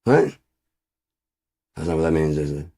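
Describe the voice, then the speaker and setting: A man's voice: low voice, steady tone, moderate pace, darkish tone. A man delivering a profane, ranting monologue straight to camera, swearing constantly and muttering asides under his breath. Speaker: vlogger.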